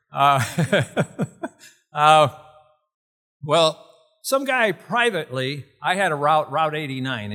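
An older man preaching in an animated storytelling way, laughing often and jumping to shouts. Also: a little high. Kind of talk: storytelling sermon.

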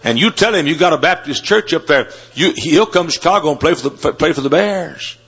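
A man's voice: a little high, lively intonation, brisk, a bit bright, breathy edge, exaggerated voice. A preacher putting on the voice of a pushy male football coach who pleads and insists. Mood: pleading. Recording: dull lo-fi sound.

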